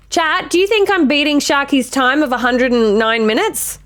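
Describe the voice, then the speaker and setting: A woman streaming a game live, chatting casually with her viewers, giggly and quick to swear and apologize. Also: high-pitched, fairly bright tone. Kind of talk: casual live-stream chat while gaming.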